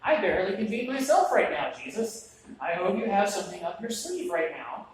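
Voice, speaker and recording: A preacher playing an incredulous, flustered disciple. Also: male voice, high voice, sing-song, moderate pace, slight background noise. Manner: incredulous and exasperated. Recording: very echoey church room, mic at a distance.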